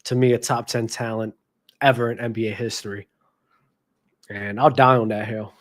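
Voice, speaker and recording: A man's voice: mid-range voice, steady tone, moderate pace, pauses often. A man hosting a casual basketball commentary show, talking passionately and addressing viewers directly with slang. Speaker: sports commentary host.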